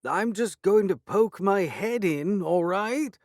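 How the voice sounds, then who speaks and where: A man's voice: high-pitched, sing-song, a little slow, darkish tone, no room sound, studio quality, pitched above the performer's own voice, full character voice. A man voicing a genteel, doting older lord in an audiobook, fussy and affectionate in manner.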